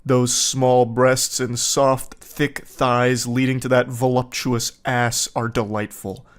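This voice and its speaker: A man voicing a creepy, fawning male texter in a slow, pompous, drawn-out reading. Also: mid-range voice, little pitch movement, clear, resonant tone, natural voice. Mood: leering.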